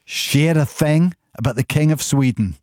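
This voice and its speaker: A man's voice: on the high side, moderate pace, a little mellow, dry recording, studio quality. A man presenting an evening radio phone-in, chatty and amused as he reads out listener messages and song lyrics. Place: radio studio. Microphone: studio microphone.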